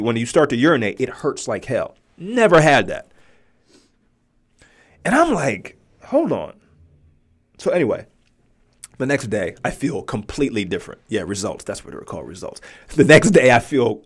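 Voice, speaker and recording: A man in his thirties hosts a podcast and tells a personal story. His pitch swings widely as he acts out what others said. His voice sits in an ordinary middle register. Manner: animated storyteller acting out quotes. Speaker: podcast host. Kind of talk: storytelling monologue.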